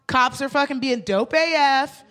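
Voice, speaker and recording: A woman co-hosts a live comedy show and tells a story with a lot of energy, jumping in and out of voices for each person in it. Her voice sits fairly high, and she swears casually as she goes. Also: a little slow. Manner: animated, acts out quoted people, swears casually. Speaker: co-host and stand-up comedian.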